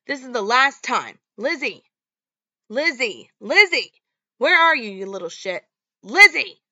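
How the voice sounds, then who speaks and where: A woman voicing a man, an abusive and cursing boyfriend, reading his lines out with yelling. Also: on the high side, animated, unhurried, no room sound, highs cut off, heavily acted. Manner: yelling, cursing, read-out quotes. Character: abusive, foul-mouthed man, the mother's boyfriend.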